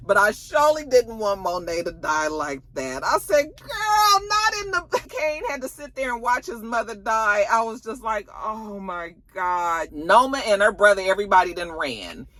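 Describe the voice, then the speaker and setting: A woman, recapping a TV episode in animated, dramatic, slangy storytelling. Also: medium pitch, moderate pace, few pauses. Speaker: TV recap vlogger. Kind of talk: casual recap chat.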